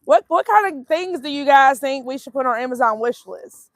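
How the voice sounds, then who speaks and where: A woman's voice: high voice, lively intonation, fairly quick, no room sound, studio quality. A woman hosting a casual outdoor livestream, chatting in a matter-of-fact way and reading viewer comments aloud. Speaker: host of a homesteading livestream. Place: outdoors by a fire.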